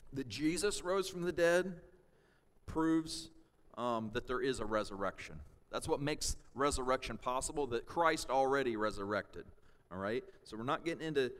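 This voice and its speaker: A man teaching a sermon and reading scripture, pausing to check in with his listeners with "okay?" and "all right?" and rising to loud shouts for emphasis. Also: mid-range voice. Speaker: pastor. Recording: long hall reverb.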